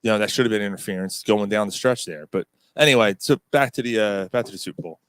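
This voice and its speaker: A man's voice: on the low side, fast talker, fairly bright tone, clean tone, no echo. A man co-hosting a casual sports podcast, talking in a profane, rambling, opinionated way. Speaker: podcast co-host.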